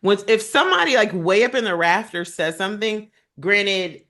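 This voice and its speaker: A woman with a bright, clear tone lays out her argument step by step on a casual podcast. Her pitch sits in the middle range. She speaks as a co-host weighing in among friends. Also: animated, moderate pace. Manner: talks through her reasoning step by step.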